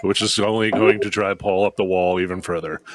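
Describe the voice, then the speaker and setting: A man's voice: sits low, steady tone, fairly quick. A man playing a tabletop game, joking and laid-back in casual chat. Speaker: player.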